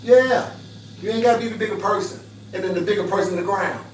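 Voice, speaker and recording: Man on a livestream, emphatic and preachy, fairly high voice, roomy echo, distant mic. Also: quick pace, a little hiss or hum. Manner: emphatic, preachy, repetitive, laughing asides. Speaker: livestream host. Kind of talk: livestream advice talk.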